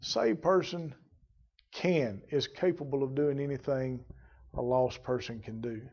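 A man preaching a sermon, fervent, rising to loud emphatic bursts. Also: mid-range voice, measured pace, husky, lo-fi sound. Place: church.

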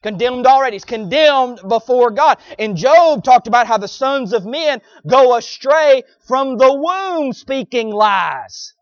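A man's voice: very high voice, animated, unhurried, few pauses, dry recording. A man preaching a sermon in a folksy, emphatic style, with sarcastic asides to his congregation, on a dull lo-fi recording.

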